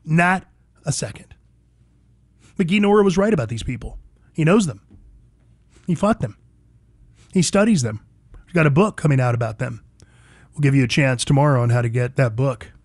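A man's voice: mid-range voice, animated, normal speed, pauses often, no echo. A man hosting a talk radio show, delivering an emphatic, opinionated monologue full of repetition.

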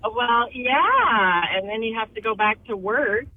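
A woman's voice: fairly high pitch, animated, a little slow. A woman calling in to a radio show, answering in a hesitant way. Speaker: caller. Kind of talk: phone-in call. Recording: phone line on air.

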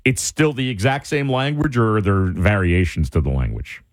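A man hosting a radio talk show, chatty and quick to laugh. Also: lowish voice, big pitch swings, no echo. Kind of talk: casual radio banter.

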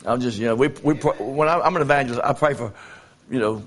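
A man's voice: medium pitch, fairly bright tone. A man preaches a sermon as a traveling evangelist. He tells homespun stories in a folksy, plain-spoken way. He stumbles over fillers and repeats phrases as he goes. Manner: folksy, storytelling, repeats himself with halting fillers.

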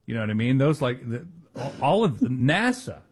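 A man's voice: medium pitch, sing-song, normal speed, breathy edge. A man co-hosting a talk radio show, rambling and hesitant in casual banter. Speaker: radio co-host.

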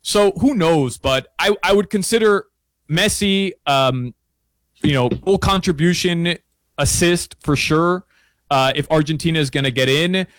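A fairly high-voiced man talks through his betting picks in a casual sports chat. He gets excitable, restarting his sentences and scattering fillers. The sound is dry and close. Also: measured pace, no room sound. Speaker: sports analyst guest.

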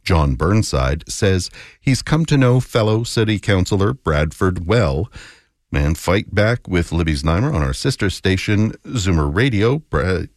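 A man reading the morning news on the radio in a measured, authoritative way. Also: low-pitched, expressive, no echo, studio quality. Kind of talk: newscast reading. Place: radio studio. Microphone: close studio mic.

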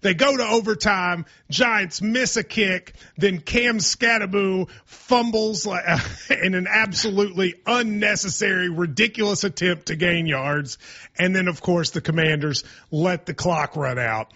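A man's voice: high-pitched, unhurried, bright, forceful tone. A man hosting a casual sports talk show, joking and rambling through asides, on slightly muffled audio. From Kentucky.

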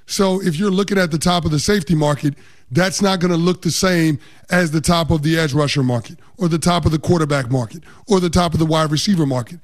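A high-voiced man co-hosting a sports talk show as its football analyst. He breaks things down with confidence, dropping "like" often as he goes. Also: quick pace. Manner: confident, explanatory, uses "like" often.

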